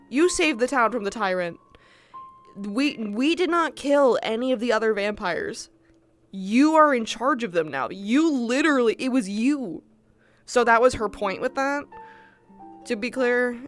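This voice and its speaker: A woman streamer with a somewhat high voice chats casually with her viewers, talking to chat directly and swearing freely. Faint music plays softly behind her. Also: expressive, moderate pace. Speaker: livestreamer. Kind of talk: casual chat with viewers after a roleplay session.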